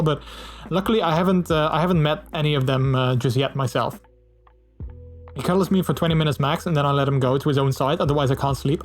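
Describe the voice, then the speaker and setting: Chatty man streamer with soft music. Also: on the high side. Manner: chatty, warm, many fillers and restarts. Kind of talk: casual chat reading viewer messages.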